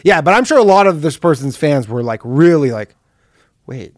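A man with a slightly high, very lively voice that swings up and down as he riffs. He co-hosts a comedy podcast and acts out little bits as he goes. His voice is recorded close and dry. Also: moderate pace, no room sound. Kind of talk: casual comedy podcast chat.

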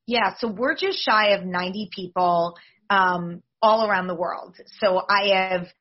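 A woman in her forties, a league executive, answering podcast interview questions in an upbeat, promotional, fast-flowing way. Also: medium pitch, dull audio.

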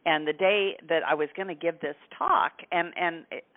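Halting male interviewer on a phone line. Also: a little high. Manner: hesitant, many fillers and restarts. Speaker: interview host. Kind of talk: conversational interview.

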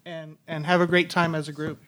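High-voiced man giving earnest advice. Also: level tone, brisk, pushed and bright. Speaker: podcast panelist. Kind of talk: live podcast panel chat. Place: theater on a cruise ship, live audience.

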